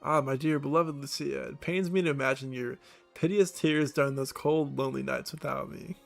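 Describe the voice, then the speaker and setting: A man's voice: medium pitch, steady tone, moderate pace, gravelly, soft background music, lightly acted. A man reading a flowery long-winded noble. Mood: pompous.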